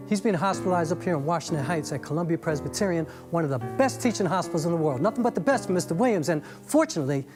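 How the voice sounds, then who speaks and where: Streetwise New male narrator. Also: fairly high pitch. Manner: casual, streetwise. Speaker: narrator and solo performer. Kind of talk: spoken-word monologue narration.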